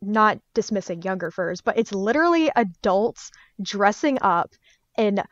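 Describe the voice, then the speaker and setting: A young woman chats casually on a podcast and tells her stories with animated energy. She slips into voices for the people in her tales. Her audio is dry and a little dull, like an ordinary home mic. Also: medium pitch, unhurried, no room sound. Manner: lively storyteller, acts out her parents' voices. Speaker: guest, artist and fursuit maker.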